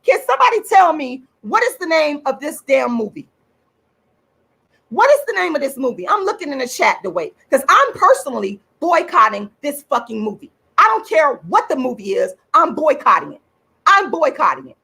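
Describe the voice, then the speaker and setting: An enraged woman rants on her livestream, swearing and repeating her points. Her voice is high and swoops widely, with a gravelly edge and a bright, forceful tone. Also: sing-song, moderate pace. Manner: furious, profane, repeats points for emphasis. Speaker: channel host and activist. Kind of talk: angry livestream rant.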